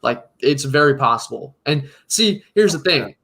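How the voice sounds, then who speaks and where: A man from South Carolina in casual chat as a guest, animated and emphatic, laughing often. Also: medium pitch, moderate pace.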